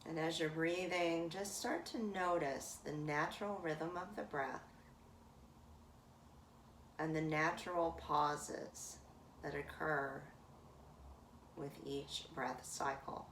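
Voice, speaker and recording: A woman leading a guided breathing meditation in calm, drawn-out phrases with long pauses. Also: deep voice, a little hiss or hum. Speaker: meditation teacher. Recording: roomy echo from a distant mic.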